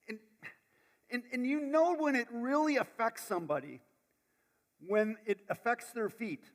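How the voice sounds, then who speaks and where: A male pastor preaching a sermon, dramatic, swinging from loud bursts to hushed lines and repeating words as he goes. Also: very high voice, unhurried, pauses often. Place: church sanctuary. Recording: long church hall reverb.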